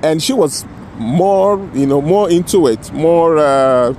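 Guy rambling through a story, keeps saying you know, right?, bit high voice, faint car noise outside. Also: lively intonation, slow, darkish tone. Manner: restarts and self-corrections mid-sentence. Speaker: vlogger telling a personal story. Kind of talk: casual spoken storytelling.

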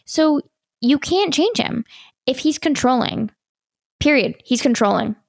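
A woman's voice: high voice, animated, unhurried, vocal fry, no room sound, studio quality. A young adult woman giving dating advice in a casual monologue, stressing her points by repeating them.

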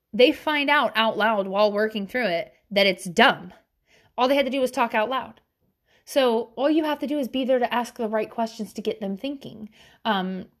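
A Southern woman in her thirties talks in a casual, rambling way, with plenty of fillers and laughter. Her voice sits a little high and swoops up and down a lot as she tells her stories. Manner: chatty and rambling, laughs often, lots of filler words. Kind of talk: casual storytelling chat.

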